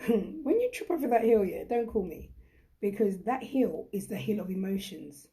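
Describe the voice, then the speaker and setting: A young woman talks straight to her viewers in a live chat, warm and mellow in tone. She is chatty and emphatic, often repeating a point to press it home. Her manner stays encouraging throughout. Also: mid-range voice, very animated, moderate pace. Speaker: host.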